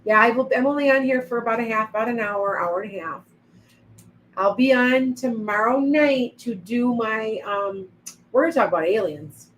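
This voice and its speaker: A woman's voice: on the high side, moderate pace, a bit bright, slight background noise, poor audio. A middle-aged woman hosting a casual psychic livestream, rambling and reading out viewer comments as they come in. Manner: chatty, rambling, reads viewer comments aloud. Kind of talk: casual live-stream chat.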